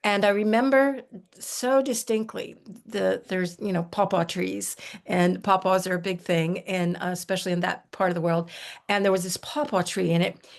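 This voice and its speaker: Gravelly-voiced older woman telling stories. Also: medium pitch. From United States. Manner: warm folksy storytelling with frequent restarts and laughs. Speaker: herbalist guest. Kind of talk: relaxed conversational storytelling.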